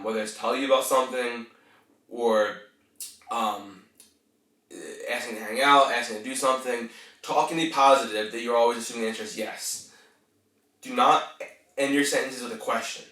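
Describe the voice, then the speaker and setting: Bright-voiced man coaching in a roomy space. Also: mid-range voice, brisk. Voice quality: tends to mumble. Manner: conversational, swears casually, coaching tone. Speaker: podcast host. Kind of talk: casual self-help monologue. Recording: roomy, distant from the mic.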